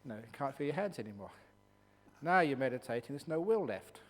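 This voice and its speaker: Playful monk giving a dharma talk. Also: male voice, medium pitch, fairly quick. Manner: playful, animated, teasing, with sudden hushed passages. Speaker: Buddhist monk teacher. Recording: echoey hall with faint hum.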